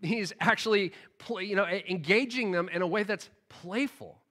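Man, preacher, casual Bible talk, animated storytelling, high pitch. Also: normal speed. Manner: animated, storytelling, laughs often.

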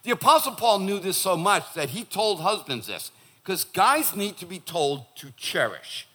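Joking pastor, man, preaching with a high, bright voice; playful delivery. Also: unhurried. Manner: animated and joking, acts out quoted voices. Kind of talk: sermon. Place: church.

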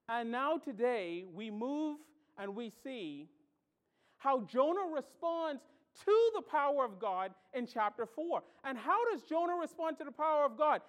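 A pastor preaching a sermon, animated and storytelling, swinging between loud exclamations and hushed asides. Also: male voice, very high-pitched, measured pace. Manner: tells stories and acts out reactions.

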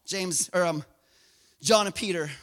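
A man preaching a sermon, telling the story in an animated way and acting out scenes. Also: sits high, measured pace, in a large hall. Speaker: pastor.

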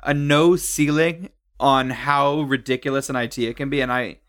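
A man co-hosting a podcast, chatting casually in an excitable, jokey way. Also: medium pitch, normal speed. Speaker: podcast co-host. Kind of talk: casual chat.

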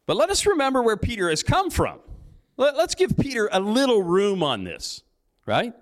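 Man, lead pastor. High, lively preacher who acts out joking dialogue in his sermon. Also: moderate pace. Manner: storytelling with playful acted-out dialogue and jokes.

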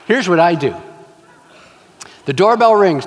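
Lively high-voiced preacher in a hall. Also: male voice, moderate pace. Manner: animated storytelling, acts out scenes, emphatic repetition. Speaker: pastor. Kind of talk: sermon. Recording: long reverb of a large hall.

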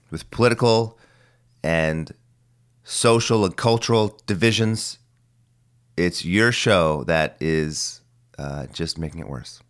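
Forties male host, very low and phlegmy, rambling solo talker with some cursing. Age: 40s. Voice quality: phlegmy voice that cracks. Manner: rambling, musing, mildly profane. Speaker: podcast host. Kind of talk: casual solo monologue.

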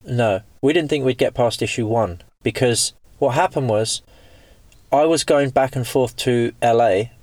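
A man co-hosting a podcast in casual chat. He is laid-back and profane, and he keeps chiming in with quick agreements. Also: medium pitch, a little mellow, no room sound. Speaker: magazine founder and podcast co-host.

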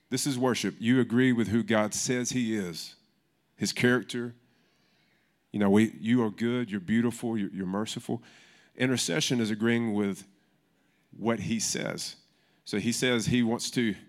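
A man's voice: medium pitch, fairly even intonation, unhurried. A man preaching a sermon in church in a casual, conversational way, often restarting his sentences. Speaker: pastor.

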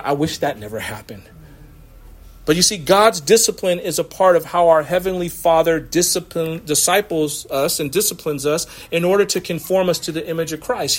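Man, pastor, sermon, high voice, chatty, laughs a lot. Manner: conversational, laughing often, acts out quotes.

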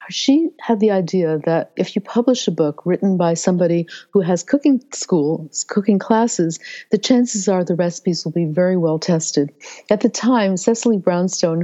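A woman's voice: lowish voice, mellow. An older woman, a cookbook author, telling stories with enthusiasm in an interview conversation. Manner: chatty, storytelling, enthusiastic. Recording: dull lo-fi sound.

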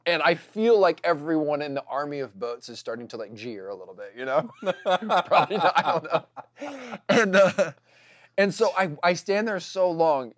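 A man's voice: fairly high pitch, expressive, normal speed, no echo. A man telling a casual story to his congregation, chatty and full of fillers.

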